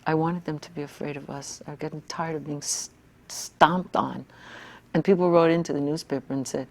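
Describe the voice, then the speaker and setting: Low-voiced blunt older woman. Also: a little fast, vocal fry, fairly bright tone. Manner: blunt, fiery, emphatic. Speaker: interviewee, activist and scholar. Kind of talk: reflective interview talk.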